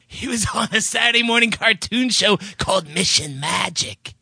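A man's voice: high-pitched, animated, moderate pace, creaky, sharp tone, slightly rough, no room sound. A man co-hosting as a pop music critic, hyper, teasing and goofy in comic banter.

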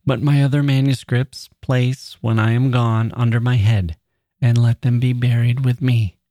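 A man's voice: medium pitch, fairly even intonation, a little slow, mellow, close to an everyday voice. A man voicing a frail dying woman writer, speaking in an earnest, tender whisper.

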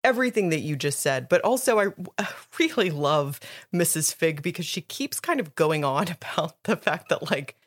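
A woman co-hosting a podcast in casual chat, bubbly and quick to laugh and squeal with excitement. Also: sits low. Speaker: podcast co-host.

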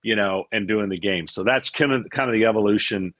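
A middle-aged man, a former pitcher, telling stories in a casual interview; he acts out what people said and often repeats words as he goes. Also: a little fast, no echo. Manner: animated storyteller, acts out quotes, repeats words.

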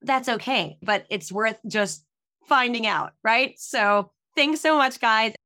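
A woman's voice: a little high, slow pace, sharp tone. A woman business coach hosting a casual podcast interview over a video call, effusive and emotional, rambling a little.

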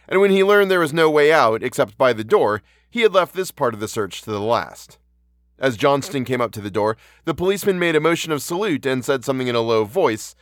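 A man hosting a podcast and reading a horror story aloud in a measured, earnest way. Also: medium pitch, no echo, clean studio sound. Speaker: podcast host and audiobook narrator.

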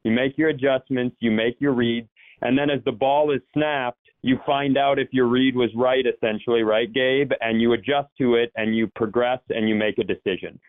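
A man's voice: medium pitch, fairly even intonation, normal speed, no room sound. Man, casual football talk, rambling and self-correcting, tinny phone-like sound, dry. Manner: rambling, self-correcting, jumps into quoted voices. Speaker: sports show guest. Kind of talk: casual sports chat.

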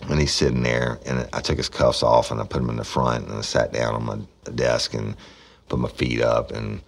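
A man's voice: rumbling low, level tone, moderate pace, vocal fry. A man hosting a true crime podcast, telling a past case bluntly and profanely. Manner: blunt and profane, acting out his own past dialogue.

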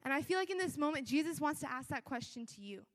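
A young woman with a high voice preaches to her church in a casual, earnest way, full of "like" and restarts. Her words ring out with a long echo, as if from a big church hall. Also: lively intonation, fast. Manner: conversational, earnest, with many fillers. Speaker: church speaker. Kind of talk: sermon.

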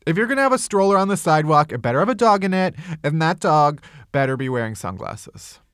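A man's voice: on the high side, big pitch swings, quick pace, a bit bright, smooth, no room sound, studio quality. Theatrical ranting podcast man. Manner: theatrical, exaggerated ranting with swearing. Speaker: podcast host. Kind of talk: comedic rant podcast.

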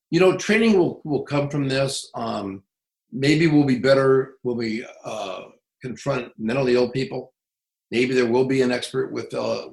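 A middle-aged man working as a police trainer, telling stories in an interview in a blunt, profane, animated way. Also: medium pitch, gravelly, reverberant, poor audio. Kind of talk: casual interview storytelling.

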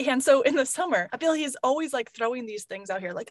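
Lively high-voiced chatty woman. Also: very fast, few pauses, no room sound. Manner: animated, acts out quoted voices, laughs often. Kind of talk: casual chat.

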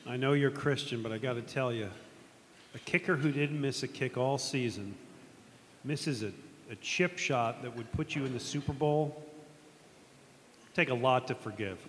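A man's voice: mid-range voice, moderate pace, long pauses, fairly bright tone, long reverb tail, slight background noise. A man interviewing a guest with blunt, teasing remarks.

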